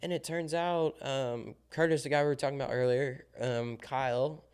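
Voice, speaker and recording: A young man from Southern Illinois, co-hosting a podcast in casual chat, telling a lively story full of ums and likes. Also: medium pitch, normal speed, clean tone. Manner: animated storyteller, acts out quoted dialogue, many ums and likes. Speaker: podcast co-host.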